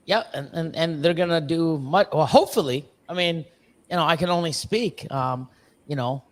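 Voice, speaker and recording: A man with a fairly high voice chats on a livestream about breeding snakes. He curses often and acts out quotes from other people with big swings in pitch. The talk is loose and unscripted. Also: normal speed. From Canada. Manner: swearing, animated storytelling with voiced quotes. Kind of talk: casual livestream chat.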